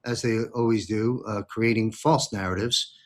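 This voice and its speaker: A man's voice: lowish voice, fairly even intonation, normal speed. A man from the United States hosting an interview, asking long questions with many fillers and repeats. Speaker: host.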